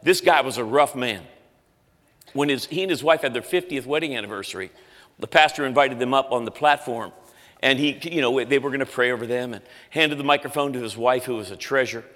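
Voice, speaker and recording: Bright-voiced preacher in a long echo. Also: male voice, mid-range voice, fairly quick. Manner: animated storyteller, acts out voices. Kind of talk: storytelling sermon.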